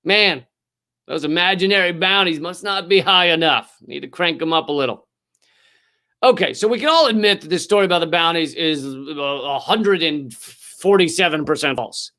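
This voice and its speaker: A male comedy host ranting with biting sarcasm and plenty of profanity. His voice sits a little high for a man and jumps between loud outbursts and muttered asides. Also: normal speed. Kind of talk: scripted comedic rant.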